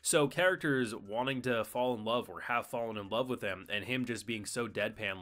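A man hosting a casual anime review, animated and acting out characters' lines as he talks. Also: mid-range voice, moderate pace. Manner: animated, acts out quotes. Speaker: streamer and reviewer.

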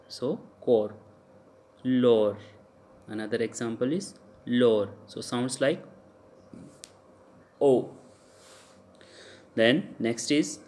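A man's voice: mid-range voice, a little mellow. A man with an Indian English accent teaching French pronunciation in a recorded lecture. He repeats each example sound several times and hesitates with fillers.

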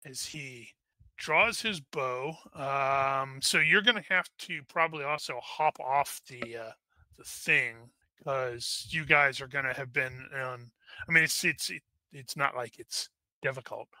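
Male game master, bright crisp voice, dry close mic, halting delivery. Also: mid-range voice, no room sound. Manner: halting, many restarts and fillers. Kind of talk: narrating a tabletop game.

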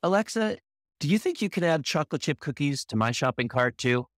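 A man's voice: a little high, expressive, a little fast, dry recording, clean studio sound. A man co-hosting a math podcast, doing scripted comedy banter with a wry, teasing manner. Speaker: podcast co-host.

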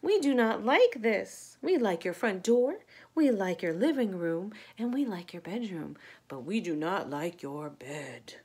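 A swarm of cheerful, stubborn bees from a children's picture book chants together in a lilting, sing-song voice, played by a woman reading aloud. The pitch swoops up and down, and a breathy edge runs through the whole delivery. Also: expressive, unhurried, few pauses, a little mellow, heavily acted. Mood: dismayed.

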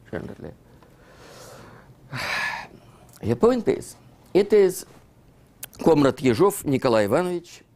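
A Russian-accented man lectures in a hall, his broken English full of "you see" fillers. His voice is gravelly and swings widely in pitch as he tells his story over the slides. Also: a little mellow. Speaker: author giving a book talk.

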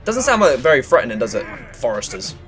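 A young man chatting excitably and swearing casually while playing through a video game. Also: mid-range voice, quick pace, soft background music. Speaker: gaming video host. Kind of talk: let's play commentary.

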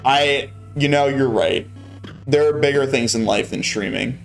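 A man's voice: medium pitch, measured pace, gravelly, faint music behind. A young man casually commenting on gameplay on a live stream, wry and a bit exasperated.

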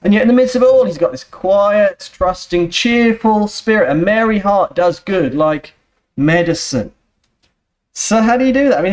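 A man preaching a sermon in a church, earnest and steady, often turning to the congregation with rhetorical questions. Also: fairly high pitch. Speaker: pastor.

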